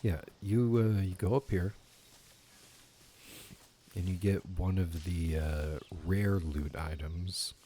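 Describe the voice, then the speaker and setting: A man's voice: deep voice, dark tone, a little hiss or hum. A man giving casual let's play commentary while gaming, rambling and swearing casually. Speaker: gaming YouTuber.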